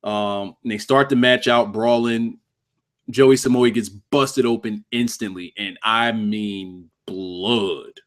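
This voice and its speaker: A man's voice: fairly low pitch, steady tone, takes it slowly. A man hosting a casual livestream review of a wrestling show, cursing freely, laughing often and joking with his chat.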